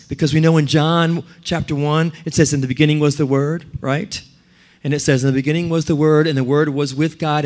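Animated storytelling male pastor. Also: a little high. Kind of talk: sermon.

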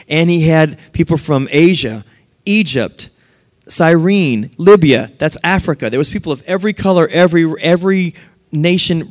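A man delivering a lively sermon in a slightly higher voice than most men. He reads scripture passages aloud, then breaks into animated asides, acting out the voices of the people he quotes. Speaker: preacher.

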